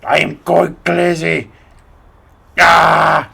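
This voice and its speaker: A man's voice: on the high side, completely flat delivery, very slow, gravelly, sharp tone, slightly rough, heavily acted. A man voicing a big, boisterous Russian mercenary from a video game, in an overdone mock Russian accent. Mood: mock panic.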